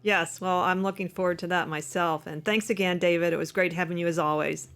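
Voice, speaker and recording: A woman's voice: lowish voice, fairly even intonation, a little fast, a bit bright, clean tone, faint music behind. A woman, the host, wrapping up a podcast interview and thanking the guest. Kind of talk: closing the show.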